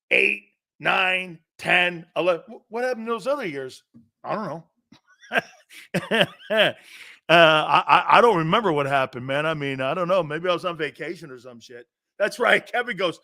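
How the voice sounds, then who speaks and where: A man's voice: high voice, lively intonation, measured pace, vocal fry, bright, forceful tone. A man hosting a sports talk show, talking loosely and profanely and laughing often.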